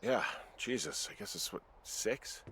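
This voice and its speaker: A tired, dry-humored fire lookout in a video game. His voice sits low and even, delivering sarcastic lines flatly. He sounds worn out and unimpressed. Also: measured pace, a little hiss or hum. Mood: sardonic. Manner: deadpan, sarcastic.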